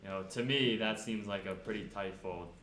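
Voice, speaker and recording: A man's voice: lowish voice, normal speed, a bit bright. A man commentating a live poker tournament in a loose, joking, casual way. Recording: echoey room with background noise.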